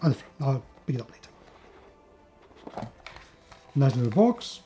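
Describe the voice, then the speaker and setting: A man's voice: mid-range voice, very animated, takes it slowly, dark tone, faint music behind. A man from Spain with a Spanish accent, chatting enthusiastically through a board game unboxing with plenty of fillers and restarts. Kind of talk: casual unboxing video.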